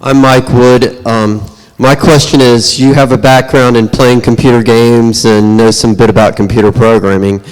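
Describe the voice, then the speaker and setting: A man in the audience at a conference, asking a speaker a question in a hesitant, halting way. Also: medium pitch, steady tone, clear, resonant tone. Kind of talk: question from the floor. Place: large conference room. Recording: hall reverb, aisle microphone.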